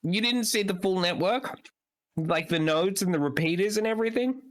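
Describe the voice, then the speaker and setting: A man's voice: high-pitched, lively intonation, normal speed, a bit bright, no room sound. A man playing a tabletop game, explaining eagerly and rambling with many restarts. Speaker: player. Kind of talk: tabletop role-play banter.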